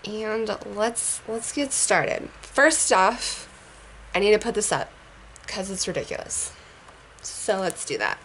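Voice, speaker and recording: A young woman, hoarse from a sinus infection, chatting casually through a makeup tutorial in her bedroom, rambling and swearing now and then. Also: mid-range voice, animated, takes it slowly, fairly bright tone, a little hiss or hum. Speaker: beauty vlogger. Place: bedroom at home.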